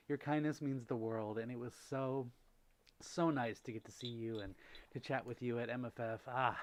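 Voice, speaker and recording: A young man hosting a holiday livestream in a casual, gushing way, reading out and answering chat messages. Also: a little high. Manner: gushing, softly animated, reads out chat messages. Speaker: livestream host.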